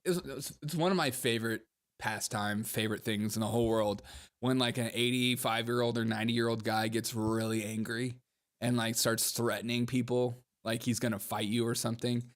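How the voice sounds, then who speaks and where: A man's voice: medium pitch, steady tone, moderate pace. A young man hosting a commentary show, reacting to clips in a mocking way, laughing often and talking to his chat.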